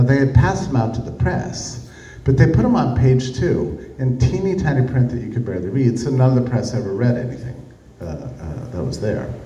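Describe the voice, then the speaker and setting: A man giving a storytelling talk to a live audience, acting out the people he quotes. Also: medium pitch. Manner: animated, acts out the people he quotes. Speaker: speaker giving a public talk. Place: room with an audience. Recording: echoey room, distant mic, faint ambience.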